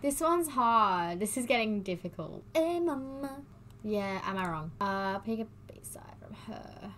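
A young woman, chatting casually as she reads quiz questions aloud, gushing and excitable, sometimes humming bits of songs. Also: medium pitch, a little slow, slight background noise. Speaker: vlogger doing online quizzes.

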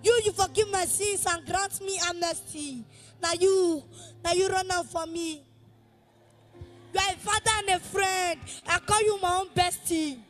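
A woman with a Nigerian accent leading chanted praise worship at a church service, with fervent, half-sung lines, often shouted, calling on the congregation to repeat after her. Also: very high voice, steady tone, unhurried, faint music behind. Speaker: worship leader.

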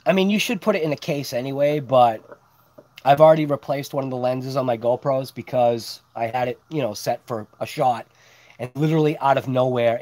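A man's voice: medium pitch, no room sound. A man hosting a late-night live stream, chatting casually and talking to his dogs outdoors at night. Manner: chatty, lively, talks to his dogs and chat between topics.

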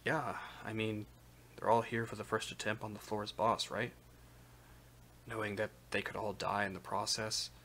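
Brief: man voicing a reserved young woman fencer, soft-spoken, bright tone, novel reading. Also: flat delivery, normal speed. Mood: quiet. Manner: soft, low-key delivery.

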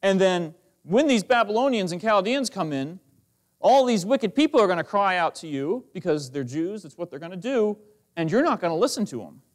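A man's voice: high voice, sing-song, normal speed. A male pastor preaching a fervent sermon, reading old scripture verses aloud between his comments. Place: church sanctuary.

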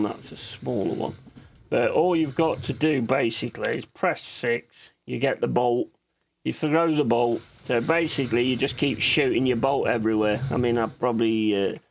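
Gravelly and mid-range, this man's voice carries casual gameplay commentary on his own channel. He's chatty and sweary, and he laughs easily while playing.

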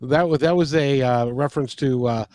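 A man co-hosting a casual chat, speaking haltingly with frequent restarts. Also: mid-range voice, darkish tone, no echo, clean studio sound.

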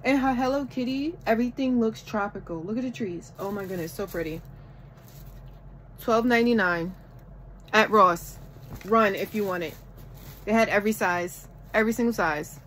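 A woman vlogging a shopping haul from home in casual chat, gushing and excitable over each item. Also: mid-range voice, moderate pace, pauses often, slight background noise, rough recording. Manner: gushing, excitable, repeats "oh my goodness".

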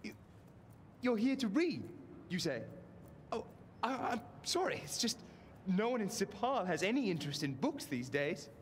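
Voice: big pitch swings, moderate pace, pauses often, natural voice. An actor voicing a flustered, apologetic archivist in a fantasy game, speaking hesitantly. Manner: hesitant, stammering. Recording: game audio with faint rumble.

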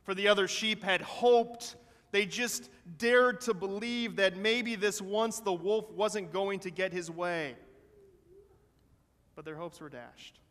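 A man pastor telling a story during a sermon in an animated way, voicing the characters as he goes. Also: high-pitched, takes it slowly. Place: church sanctuary. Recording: long church hall reverb.

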